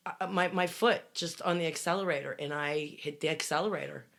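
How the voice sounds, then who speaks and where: A middle-aged woman telling a dramatic personal story on a podcast, swearing freely and rising to loud bursts. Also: sits low, brisk, gravelly. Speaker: guest telling her story.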